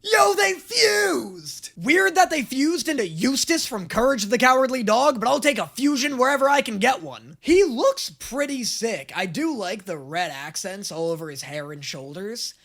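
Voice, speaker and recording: A young man giving casual, jokey and crude anime reaction commentary, getting excitable. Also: extremely high pitch, moderate pace, few pauses, faint music behind. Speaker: reaction video host.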